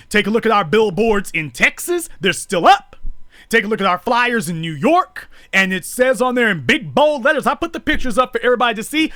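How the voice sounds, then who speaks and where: A man with a high, bright voice delivers a fiery live monologue. His pitch swings widely as he hammers each point home in repetitive, preachy build-ups. The sound is close and dry. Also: dry recording. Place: streamed live.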